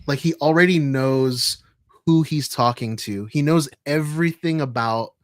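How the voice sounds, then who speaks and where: Excited man in casual podcast chat. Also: a little high, a little slow, no room sound, clean studio sound. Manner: excited, lots of "like" and "you know". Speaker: podcast co-host.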